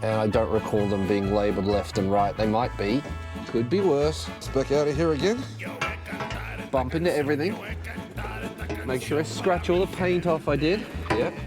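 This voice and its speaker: A man's voice: medium pitch, normal speed, over music. A man filming himself in his garage as he works under a car, grumbling and swearing at the job and joking at his own expense. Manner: grumbling, swearing, self-mocking asides. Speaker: car vlogger. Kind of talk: casual self-filmed garage vlog. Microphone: external mic on action camera.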